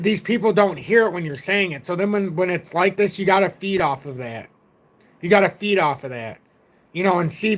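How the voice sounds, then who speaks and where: A man's voice: on the high side, fairly bright tone. A middle-aged man hosting a casual crypto livestream, rambling and blunt, swearing now and then and reading out donations.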